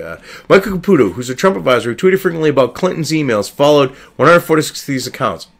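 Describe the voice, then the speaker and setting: Male commentary host, slightly high and very animated pitch; reads text aloud, then breaks into foul-mouthed, sarcastic outbursts. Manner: profane, sarcastic and exasperated. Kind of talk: ranting commentary reading an article aloud.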